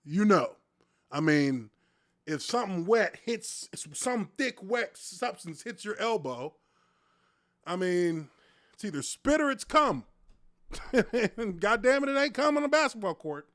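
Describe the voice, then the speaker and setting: A man's voice: high-pitched, sing-song, measured pace, long pauses, a bit bright, no room sound, clean studio sound. A man in his thirties, a former offensive lineman, hosting a casual live stream and telling stories with a lot of profanity and laughter.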